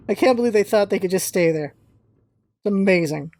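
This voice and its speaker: A woman's voice: medium pitch, fairly quick, pauses often, a little mellow, slight background noise. A woman chatting casually while playing through a game, thinking aloud with faint music behind.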